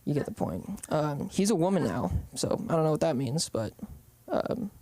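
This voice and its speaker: A man's voice: on the high side, very animated, moderate pace, creaky, warm tone, dry recording. A young man from the Bay Area doing open-mic stand-up, rambling with lots of ums and hesitations. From San Francisco Bay Area. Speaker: stand-up comedian.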